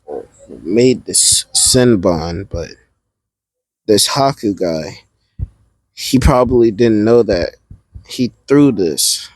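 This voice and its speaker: A composed male ninja who talks through his reasoning step by step, as a man puts him on. His delivery is slow and unhurried, with a husky, slightly breathy grain. The voice is close and dry. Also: lowish voice, expressive, dry recording, poor audio. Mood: calm.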